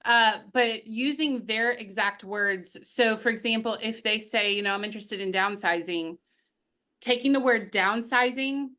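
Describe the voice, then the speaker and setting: A woman's voice: a little high, a little slow, sharp tone. A woman sales coach answering interview questions, telling upbeat stories from her calls and laughing now and then. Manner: storytelling, upbeat, laughs while telling anecdotes.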